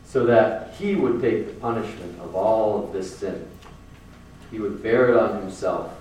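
A man's voice: fairly low pitch, expressive, measured pace, a little mellow, distant mic, a little hiss or hum. Earnest preacher man in an echoey room. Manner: casual, earnest, repeats phrases for emphasis. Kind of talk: sermon.

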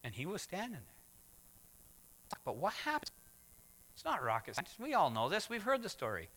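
A man preaching a sermon as pastor, swinging from hushed words to loud exclamations. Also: high voice, huge pitch swings, unhurried. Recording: long hall reverb.

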